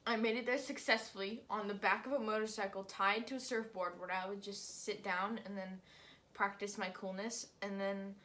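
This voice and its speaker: The host's teenage daughter chatting on the podcast, giggly and joking, rambling through made-up stories. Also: female voice, medium pitch, fairly even intonation, normal speed, fairly bright tone. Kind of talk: casual chat.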